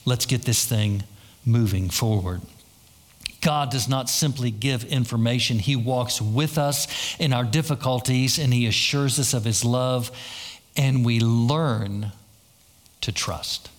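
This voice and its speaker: Here a man speaks as a pastor, slightly slow and medium in pitch. Stories fill his sermon, and he acts out quotations while repeating phrases again and again.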